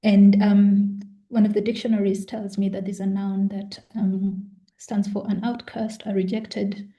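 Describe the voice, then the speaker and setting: A woman giving an academic lecture, measured and thoughtful, often pausing with "um" and restarting her sentences. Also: medium pitch, level tone, dark tone, low-quality recording. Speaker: guest lecturer. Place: online lecture.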